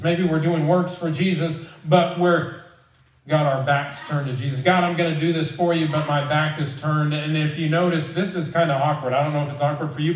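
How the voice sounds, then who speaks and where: A pastor preaching a sermon in a church, talking in a casual, conversational way and acting out quoted prayers. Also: male voice, on the high side. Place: church sanctuary. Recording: roomy church sound from a distance.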